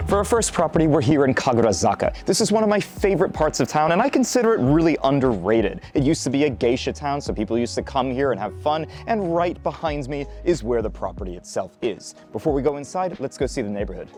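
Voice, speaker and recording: A man's voice: mid-range voice, big pitch swings, fast, hardly any pauses, darkish tone, faint music behind. A man hosting a property tour vlog, walking through rooms and streets in an upbeat, chatty, joking manner. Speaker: real estate tour host. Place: on location, indoors and outdoors.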